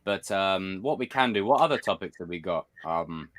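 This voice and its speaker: A man hosting a casual podcast chat, excited and quick to call people bro and dude. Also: low-pitched. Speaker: podcast host.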